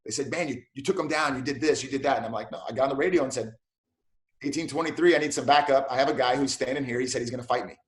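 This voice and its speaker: A man, a police officer and martial arts black belt, telling animated stories in a casual interview and acting out the dialogue. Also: mid-range voice, very fast, echoey room.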